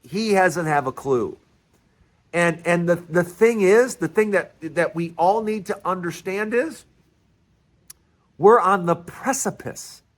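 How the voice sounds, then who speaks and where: A man hosting his own political commentary vlog, talking in an animated, emphatic way and often repeating and restarting his phrases. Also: fairly high pitch. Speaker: vlog host.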